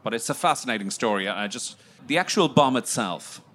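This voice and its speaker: A man's voice: mid-range voice, expressive, a little fast, fairly bright tone. A man co-hosting a podcast interview, asking leading questions with stammering restarts. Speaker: podcast co-host.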